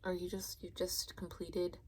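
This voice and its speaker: A woman giving a casual pick-a-card tarot reading, rambling and halting, sometimes dropping into a soft whisper. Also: fairly low pitch, completely flat delivery, breathy edge, poor audio. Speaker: tarot reader.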